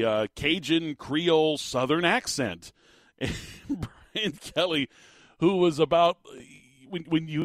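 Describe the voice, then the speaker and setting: A man's voice: on the high side, a bit bright, no echo. A man hosting a sports talk radio show, giving his opinions in a casual, conversational way with frequent fillers. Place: radio studio. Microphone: studio microphone.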